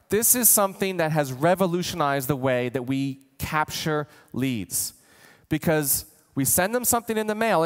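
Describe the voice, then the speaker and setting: A man giving an energetic marketing training talk, animated and acting out imagined customers. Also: on the high side, long reverb tail. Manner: animated, voices imagined customers, gets worked up. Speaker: marketing coach.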